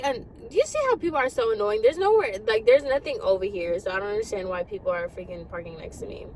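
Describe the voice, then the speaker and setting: A young woman vlogger in a parked car, ranting to her viewers in a casual, exasperated way. She talks rapidly and with lots of animation. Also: mid-range voice, lively intonation, darkish tone, slight background noise, rough recording. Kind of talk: casual rant to camera.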